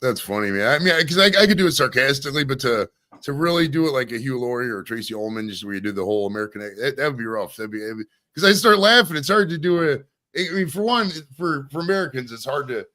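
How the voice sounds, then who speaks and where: A man's voice: mid-range voice, animated, quick pace, bright, forceful tone. A man in his forties hosting a podcast interview, rambling casually, swearing and laughing often. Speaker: podcast host.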